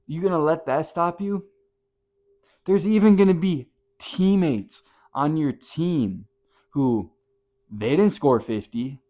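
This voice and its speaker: A man giving a motivational talk to camera, blunt and impassioned, swinging from hushed to loud and swearing casually. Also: a little high, takes it slowly, pauses often. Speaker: motivational speaker.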